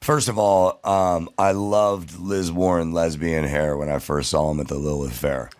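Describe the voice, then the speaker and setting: Deep male co-host, dry and quippy, casual banter. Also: fairly even intonation, measured pace. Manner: dry, chiming in with quips.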